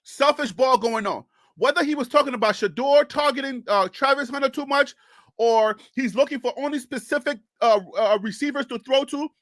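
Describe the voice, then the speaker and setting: A man hosting a casual sports talk livestream, passionate and loud about his team, speaking into a close mic on a pole. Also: very high-pitched, no room sound. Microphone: mic on a pole close to mouth.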